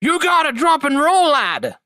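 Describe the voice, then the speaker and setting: An excitable Irish gamer, as a man puts him on, calls out a jokey line in a sharply raised voice. The put-on Irish accent is bright and overdone, recorded dry and close. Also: a little slow, no room sound, exaggerated voice. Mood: joking. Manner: shrill, jokey. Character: excitable Irish male video game streamer.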